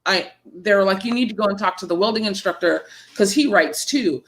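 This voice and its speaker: A woman's voice: medium pitch, a little fast, rough recording. A woman in her thirties, a horror author, telling stories casually in an interview and acting out the people she quotes. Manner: animated storyteller, acts out quoted voices.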